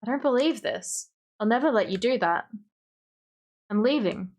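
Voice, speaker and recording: A woman's voice: on the high side, animated, normal speed, a little mellow, natural voice. Protective mother, read by a woman, firm and urgent, Australian accent. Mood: defiant.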